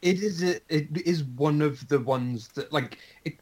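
A man's voice: fairly high pitch, unhurried, a little mellow, slightly rough, rough recording. Hesitant man in casual film chat. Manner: hesitant, restarts often, laughs. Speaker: podcast co-host.

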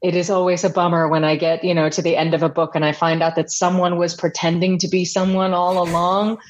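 A woman who narrates audiobooks speaks in a notably low voice, measured and articulate as she reflects on her work. The recording sounds a little dull and muffled. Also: flat delivery. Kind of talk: podcast interview.

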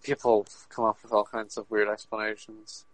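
A man co-hosting a podcast, chatting casually in a measured, hedging way. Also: fairly low pitch, completely flat delivery, dry recording, low-quality recording. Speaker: podcast co-host. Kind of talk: casual chat.

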